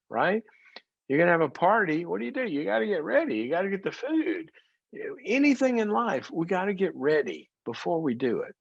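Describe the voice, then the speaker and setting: Man, middle-aged, folksy teaching talk, lively pitch, dry close sound, slightly dull audio. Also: no room sound. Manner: folksy, uses everyday examples and rhetorical questions. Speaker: psychologist and speaker.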